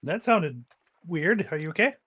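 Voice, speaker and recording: A man's voice: on the high side, moderate pace. A man streaming a game with friends, chatting casually and reading game text aloud, laughing easily. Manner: laughs easily, animated and playful.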